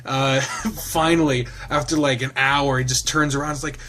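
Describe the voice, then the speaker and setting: A man's voice: medium pitch, steady tone, moderate pace, bright, forceful tone, a little hiss or hum. A man with a mid-range voice narrates a visual novel aloud. He breaks off into loose, chatty commentary, laughs along at the jokes and swears in his asides.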